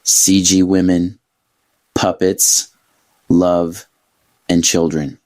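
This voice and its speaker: A man putting on a booming deep announcer. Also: flat delivery, a little mellow, dry recording. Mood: grandiose. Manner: slow, grand announcing delivery.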